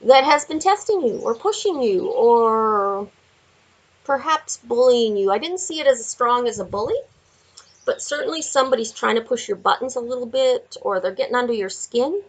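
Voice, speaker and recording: A woman giving a chatty tarot card reading, laughing often and talking to viewers in animated asides. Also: fairly high pitch, normal speed, low-quality recording. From Canada. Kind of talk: casual tarot reading vlog. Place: home with window view.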